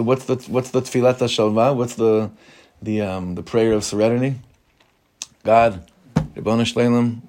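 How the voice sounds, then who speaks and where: A man's voice: medium pitch, mellow. A man, a rabbi giving an informal Torah class in a conversational way, mixing Hebrew terms into his English and putting questions to the room.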